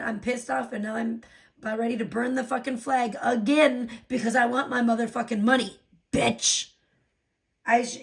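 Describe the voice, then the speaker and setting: A slightly high-pitched woman hosts a casual livestream, still getting over a sore throat. She rants with constant swearing, going from low, tired talk to loud outbursts. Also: vocal fry. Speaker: livestream host. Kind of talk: casual livestream chat reading donations.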